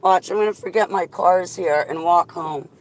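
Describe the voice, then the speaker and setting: A woman's voice: on the low side, moderate pace, rough recording. Blunt ranting woman with traffic noise. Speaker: vlogger. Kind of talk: casual venting vlog. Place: in and around a car outdoors.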